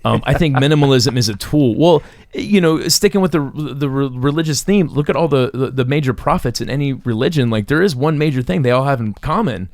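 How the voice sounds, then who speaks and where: A man's voice: mid-range voice, brisk, few pauses, darkish tone, no room sound, studio quality. Young man chatting, lots of restarts. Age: young adult. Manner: rambling, many restarts, laughs easily. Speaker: podcast co-host. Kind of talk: casual chat.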